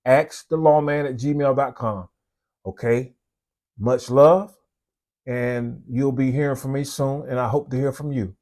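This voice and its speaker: He speaks a little slowly in a medium-pitched, steady, slightly mellow voice. This Southern US–accented police officer hosts his own channel and talks to the camera in a folksy, easygoing manner. He's conversational and repeats points.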